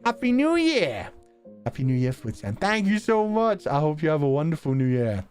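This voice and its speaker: A man chatting casually on a livestream, jokey and quick to laugh as he reads out donations. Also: fairly high pitch, clean tone, soft background music. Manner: animated, laughs often, jokey. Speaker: streamer.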